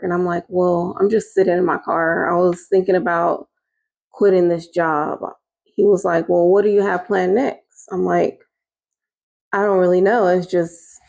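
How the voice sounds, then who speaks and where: A woman's voice: gravelly, warm tone, highs cut off. A woman telling a personal story in a casual, chatty way, acting out what people said to her. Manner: casual and chatty, acting out quoted lines with rising pitch. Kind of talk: storytime recounting a personal experience.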